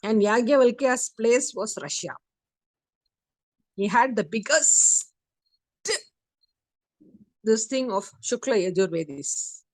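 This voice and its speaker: A woman teaching a study circle, telling a story in a lively way and acting out the quotes. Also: a little high, slow pace, pauses often, no room sound. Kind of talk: storytelling lecture.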